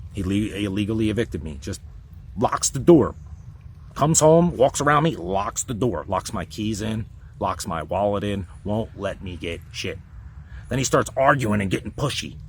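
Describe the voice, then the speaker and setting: Heated man venting, low voice. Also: slight background noise. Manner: heated, profane, rambling venting with sudden loud outbursts. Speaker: vlogger telling a personal story. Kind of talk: casual storytelling rant.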